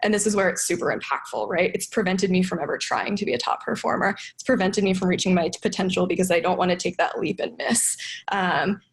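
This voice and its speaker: A woman's voice: lowish voice, a little fast, gravelly. A young adult woman speaking as a podcast guest, explaining her ideas earnestly and thoughtfully, with frequent restarts. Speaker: podcast guest, sales development manager. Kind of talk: casual podcast conversation.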